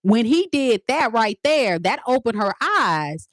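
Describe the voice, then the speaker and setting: A woman, a teacher and tarot reader, casually telling her viewers a story in an animated, emphatic way, repeating lines for effect. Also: on the high side, a little slow, no room sound, clean studio sound. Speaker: tarot reader and spiritual advisor.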